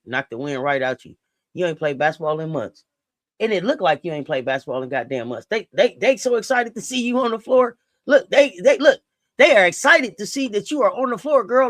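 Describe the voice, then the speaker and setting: A woman hosting a live basketball watch-along, reacting out loud and talking straight to the players. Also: low-pitched, sing-song, normal speed, dry recording, clean studio sound. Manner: exclamatory, talks straight to the players. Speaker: sports watch-along host. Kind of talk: live game reaction commentary.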